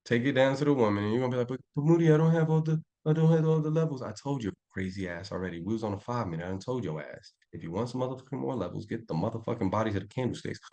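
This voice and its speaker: Brash young male trading coach, street slang, profane, bragging, everyday mid-range voice. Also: mid-range voice. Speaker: trading instructor. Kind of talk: live trading class.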